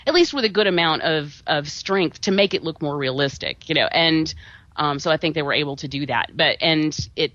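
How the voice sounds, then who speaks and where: A woman co-hosting a podcast, chatting casually about a movie in an animated way, laughing often and trailing off into restarts. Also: low-pitched, brisk, no room sound. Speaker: podcast co-host. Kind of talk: casual movie review chat. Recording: dull lo-fi podcast audio.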